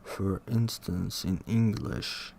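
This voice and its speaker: Slow, low-voiced man reading haltingly. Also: vocal fry, a little mellow, slight background noise. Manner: halting, restarts words and questions the text aloud. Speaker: reader studying a linguistics textbook. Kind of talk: reading aloud with self-commentary.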